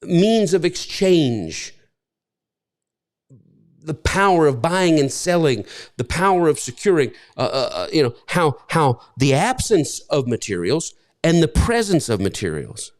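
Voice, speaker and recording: Male pastor, high tenor, rambling conversational sermon delivery. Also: big pitch swings, a little slow. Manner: conversational, repetitive preaching with restarts.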